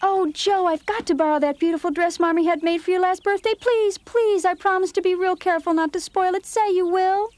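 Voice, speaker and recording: A woman voicing Meg, a dreamy and excitable older teenage girl in a dubbed cartoon, who gushes. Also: very high-pitched, brisk, few pauses, no echo. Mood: excited.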